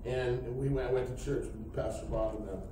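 A man's voice: mid-range voice, fairly even intonation, fairly quick. A middle-aged man giving a spoken testimony at a night church service, telling his story loosely and acting out what people said. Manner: rambling storyteller who acts out quoted speech. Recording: echoey church hall from far off, faint hiss.

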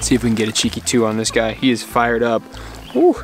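Male angler-vlogger, excitable and exclamatory, outdoors by a creek. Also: mid-range voice, fast talker, soft background music. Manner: excitable, exclaiming, laughing often. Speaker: fly fishing vlogger. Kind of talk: excited outdoor vlog commentary.

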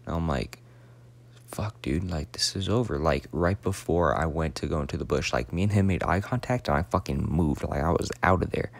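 A man's voice: rumbling low, fairly quick, gravelly, hardly any pauses. A young man in his late teens telling a rambling, profane story in a casual, slangy way, sometimes dropping to a whisper.

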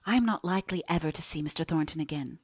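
A woman reads as an earnest young heroine, anxious and full of remorse, pleading as she confesses. Her voice sits rather low. The sound is dry and close-miked. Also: rapid-fire, slightly rough, no room sound. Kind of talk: audiobook character reading.

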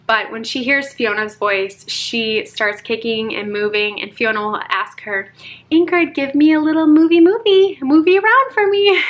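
A woman's voice: fairly high pitch, bright, forceful tone. A young adult woman chatting casually to camera as a mom vlogger, often laughing and talking to viewers as "you guys".

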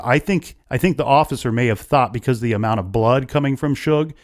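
A man's voice: medium pitch, fairly quick, few pauses. A man hosting a casual true-crime podcast, retelling events at length with frequent restarts. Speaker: podcast host.

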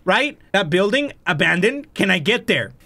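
A young man doing let's-play commentary of a horror game, loud and jumpy, swearing and breaking into Spanish exclamations. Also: high voice, big pitch swings, normal speed, creaky. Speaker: gaming YouTuber.

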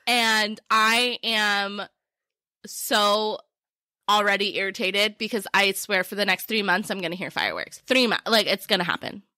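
A woman co-hosting a casual true-crime podcast, bantering playfully and reacting quickly. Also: mid-range voice, bright, forceful tone, no echo, studio quality. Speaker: podcast co-host.

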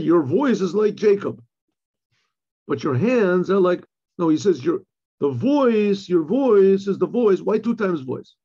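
Gravelly-voiced rabbi giving a halting Torah class. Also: male voice, fairly high pitch, warm tone. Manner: halting, repeats words, often clears his throat, mixes in Hebrew terms. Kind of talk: informal Torah lecture. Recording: dull lo-fi recording.

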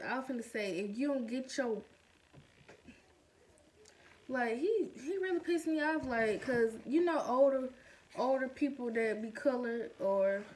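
A young woman tells a story to her vlog audience in a chatty, animated way. Her voice sits a little high. A faint hiss of noise runs underneath. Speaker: vlogger.

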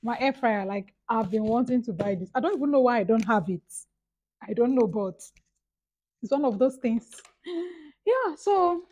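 A woman's voice: on the high side, normal speed, rough recording. A young woman with a Nigerian accent, chatting casually and gushing over her purchases in an unboxing vlog. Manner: gushing, excitable. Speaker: vlogger.

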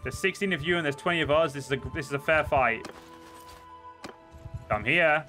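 A man commentates his own gameplay in a loose, chatty stream, cursing freely and blowing up into sudden loud outbursts. His voice is bright and sharp, sitting a little high for a man. Faint music plays behind him. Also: normal speed. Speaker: game streamer. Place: home, seated at a desk.

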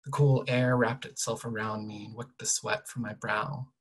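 A young adult author quietly reading an excerpt from their own novel, measured and soft, often trailing off at the ends of sentences. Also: mid-range voice, steady tone, slightly rough, low-quality recording.

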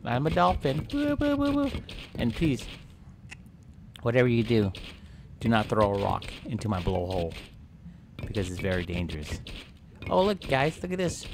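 A man's voice: medium pitch, wildly swooping pitch, moderate pace, pauses often, background noise. A man voicing a sly male great white shark who poses as a friendly dolphin, with a mock-friendly, boastful manner.

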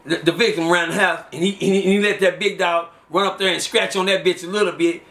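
A man tells street stories in a high, bright voice. He talks casually and acts out the people he quotes with loud, lively voices. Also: quick pace. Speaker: storyteller. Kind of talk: casual storytelling.

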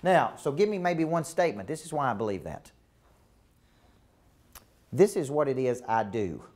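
A man's voice: medium pitch, lively intonation, normal speed, darkish tone. A man with a Southern US accent teaching a live coaching seminar, emphatic and repetitive, often checking that the room follows him. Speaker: business coach.

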